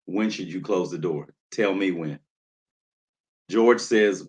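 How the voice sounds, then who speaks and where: A man's voice: deep voice, measured pace, pauses often. A man hosting a casual livestream, talking loosely with lots of fillers and greeting viewers in the chat by name. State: nervous, jittery. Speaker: livestream host.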